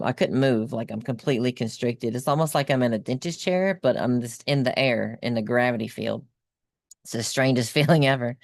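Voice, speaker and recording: A woman's voice: rumbling low, a little mellow, no echo, clean studio sound. A woman guest on a video call, casually recounting a personal experience in a rambling way, with lots of ums and likes.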